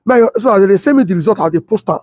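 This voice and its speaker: A middle-aged Nigerian man speaks in a strong Pidgin accent with a high, husky voice. He tells his story casually and with energy, repeating himself and turning to ask his viewers questions. The sound is close and dry. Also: rapid-fire, no echo. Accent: Nigerian Pidgin English. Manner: animated, repeats himself, talks straight to viewers. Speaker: political commentator.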